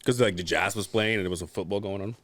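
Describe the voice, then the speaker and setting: A man's voice: low voice, fast talker, fairly bright tone, no echo. A man co-hosting a podcast, telling rambling stories in casual chat, swearing freely and laughing often. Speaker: podcast co-host.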